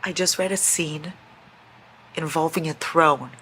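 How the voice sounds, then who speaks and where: A woman vlogging casually about a book series, excitable, swearing and reacting loudly as she reads. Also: low voice, a little slow, slight background noise, low-quality recording. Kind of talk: casual reading vlog.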